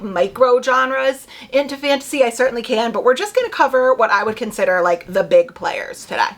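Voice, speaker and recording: A young woman chatting casually to camera about book picks, full of quick asides and "like". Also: fairly high pitch, a bit bright. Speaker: booktube creator.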